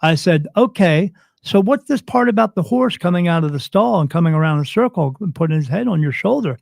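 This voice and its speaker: Animated man telling a story. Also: sits high, fairly quick, gravelly, no room sound. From United States. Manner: animated retelling, acts out quoted dialogue. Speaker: spirit medium guest. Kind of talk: storytelling in an interview.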